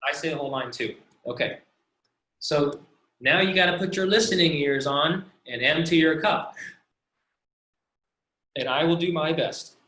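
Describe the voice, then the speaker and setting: Guy teaching a language class over video call, super slow, bright voice, echoey room. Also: a little high. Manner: slow, patient, drawn-out syllables. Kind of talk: online language lesson, call and repeat.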